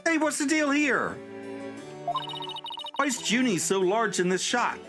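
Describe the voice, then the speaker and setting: A man's voice: very high-pitched, big pitch swings, unhurried, voice pushed up, exaggerated voice. A man voicing a perky young female defense attorney in a game, chirpy and teasing. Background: game music.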